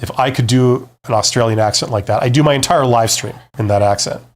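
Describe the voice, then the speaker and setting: A man's voice: medium pitch, brisk. Chatty man hosting a career live stream. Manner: conversational, emphatic, reads out viewer comments and answers them. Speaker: career advice host, former CEO. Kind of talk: live-stream Q&A, casual advice chat.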